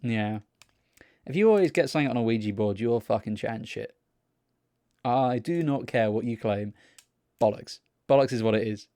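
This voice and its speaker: A young man, co-hosting a podcast and telling a sweary, animated story about people he met. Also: medium pitch, moderate pace, long pauses, no echo. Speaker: podcast co-host. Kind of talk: casual storytelling chat.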